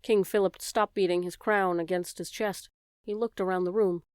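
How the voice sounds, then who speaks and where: Female audiobook narrator, talks to the reader, lower clear voice, dry studio sound. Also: steady tone, normal speed, a little mellow, no room sound. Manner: storyteller, addresses the reader directly.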